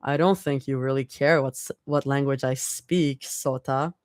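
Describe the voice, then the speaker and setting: A woman voicing a calm young woman who teases in a low, slow drawl. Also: dry recording, clean studio sound. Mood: teasing. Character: teasing, smooth-talking young woman, playful and calm.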